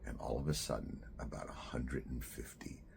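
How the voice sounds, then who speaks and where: An older man in his sixties, from New Jersey, recounts a memory from his youth. His voice sits extremely low with a gravelly rasp, and he talks loosely, at times dropping to a near-whisper. Faint background noise runs under the recording. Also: fairly even intonation, moderate pace, darkish tone. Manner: conversational, drops to a near-whisper at grave moments. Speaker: author. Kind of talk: personal storytelling.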